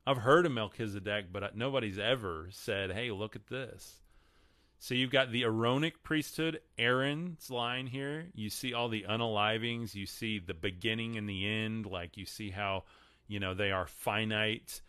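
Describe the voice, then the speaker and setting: A man's voice: fairly low pitch, moderate pace, pushed and bright, dry recording. A man with a Texan accent hosting a live stream, chatting casually about the Bible and answering viewer comments. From Texas. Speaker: podcast host.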